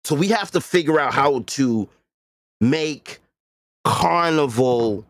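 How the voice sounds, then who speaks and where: A man's voice: a little high, lively intonation, slow pace, no room sound, clean studio sound. A man hosting a livestream, talking casually and bluntly with profanity and emphatic repetition. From Boston area. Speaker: livestream host.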